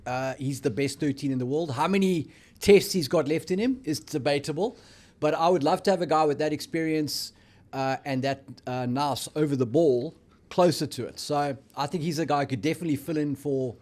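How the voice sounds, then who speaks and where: A man's voice: on the high side, fairly quick, a little mellow. A man co-hosting a casual rugby chat, dropping wry, joking remarks. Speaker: co-host.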